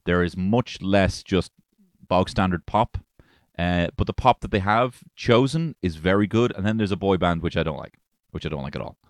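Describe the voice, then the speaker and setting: Deep-voiced Irish man ranting irreverently. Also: normal speed, dry recording. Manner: irreverent, profane, rambling jokey asides. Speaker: podcast host. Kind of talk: casual podcast chat.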